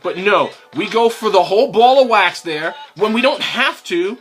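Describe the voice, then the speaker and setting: A young man hosting a fan video, ranting in exasperation about his football team, swearing and climbing to near-shouts. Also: high-pitched, animated, moderate pace, faint music behind. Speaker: sports fan video host. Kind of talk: ranting football recap vlog.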